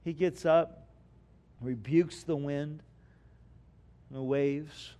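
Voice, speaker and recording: A man preaching a sermon as pastor, asking his congregation questions and swinging from hushed lines to loud bursts. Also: on the high side, steady tone, drawn-out words. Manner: preaching with dramatic swings between quiet and loud; asks the congregation rhetorical questions.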